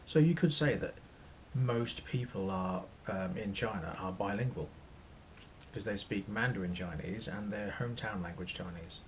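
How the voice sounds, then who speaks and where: A man's voice: sits low, normal speed, a little hiss or hum. A man from Norfolk, England with an East Anglian accent, chatting casually in a vlog and rambling a little as he mocks himself. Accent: East Anglian English. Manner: rambling, self-mocking, trying out accents. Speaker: vlogger. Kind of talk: casual chat.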